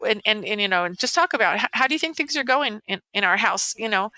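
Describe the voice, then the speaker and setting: Woman in her sixties, longtime educator, bright tense tone, dry close podcast sound, earnest rambling guest. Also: mid-range voice, lively intonation, quick pace, no echo, low-quality recording. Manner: earnest, rambling, many restarts. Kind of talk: casual interview chat.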